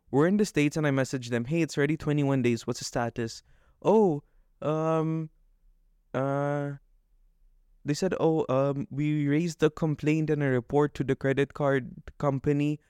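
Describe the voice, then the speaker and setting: Male podcast co-host, worked-up fast rant, dry close mic. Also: medium pitch, a little mellow, clean tone, no echo. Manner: agitated, fast ranting with quoted exchanges.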